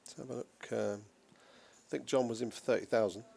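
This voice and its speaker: A man giving play-by-play poker commentary in a dry, measured way. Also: mid-range voice, steady tone, creaky, a little mellow, husky.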